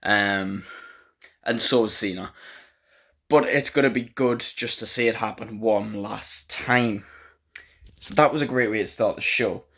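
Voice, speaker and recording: A man's voice: lowish voice, fairly even intonation, unhurried, long pauses, fairly bright tone. Opinionated man ranting in a review. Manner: opinionated, ranting, with frequent fillers. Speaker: wrestling show reviewer. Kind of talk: casual spoken review.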